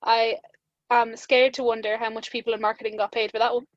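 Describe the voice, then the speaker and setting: Speaking briskly in a level, slightly high voice, this young Irish podcast co-host keeps the chat casual, laughing often and acting out quotes as she tells stories. The audio is muffled, with no room sound.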